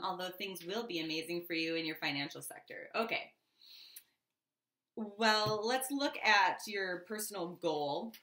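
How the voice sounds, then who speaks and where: Chatty woman with a bright voice. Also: mid-range voice. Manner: chatty, loose, many fillers and asides. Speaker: tarot reader. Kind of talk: casual tarot reading to camera. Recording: echoey room.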